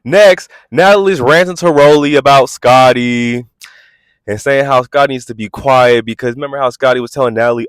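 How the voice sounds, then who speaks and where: A man hosting a reality TV review vlog, talking in a sassy, animated way and acting out quotes in exaggerated voices. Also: mid-range voice, smooth, dry recording. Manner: animated, sassy, quick asides. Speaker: host.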